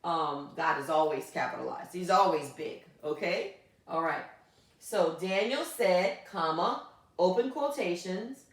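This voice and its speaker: A woman teaching a grammar lesson. She is patient, checks in often with a quick question, and spells things out slowly one word at a time. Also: fairly low pitch, animated, far from the mic. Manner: patient, checks in with frequent "okay?". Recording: echoey room, voice from off mic.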